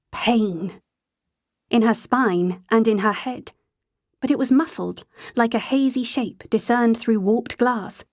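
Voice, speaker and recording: A woman with a fairly high voice reads a novel aloud as audiobook narration, in a close, dry sound. She stretches the hazy, dreamlike passages into slow, drawn-out phrases. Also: no room sound.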